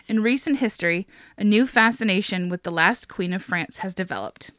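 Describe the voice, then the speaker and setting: This podcast co-host spins a story in casual talk, swearing without restraint and breaking into frequent laughter. Her voice sits at medium pitch, lively and fairly bright, delivered at a moderate pace with clean, echo-free studio sound.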